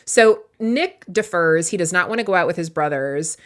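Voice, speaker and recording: A woman with a fairly low voice co-hosts a casual book podcast. She walks through the plot in a chatty way and breaks off for playful asides. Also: lively intonation, normal speed, fairly bright tone. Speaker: podcast co-host. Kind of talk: casual book-recap chat.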